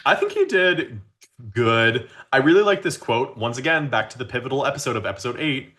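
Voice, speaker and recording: A man co-hosting a podcast in casual chat, expressive and playful in his delivery. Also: a little fast. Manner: expressive, jumps high in pitch when surprised or teasing. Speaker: podcast co-host.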